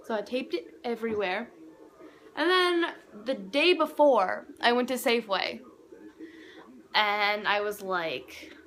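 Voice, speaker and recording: A woman's voice: a little high, a bit bright, a little hiss or hum. A teenage girl telling a story to camera at home in a casual, chatty way, acting out what people said. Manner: chatty, acts out quoted dialogue. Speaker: vlogger.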